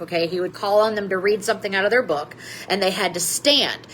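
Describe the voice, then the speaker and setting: A woman's voice: mid-range voice, a bit bright, slight background noise, poor audio. A woman pastor giving a Lenten Bible study lesson, telling a story with dramatic emphasis.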